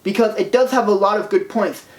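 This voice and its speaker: Gushing, excitable movie reviewer in an echoey room. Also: mid-range voice, brisk. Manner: gushing, excitable, swears for emphasis. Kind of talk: casual video review. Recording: roomy echo.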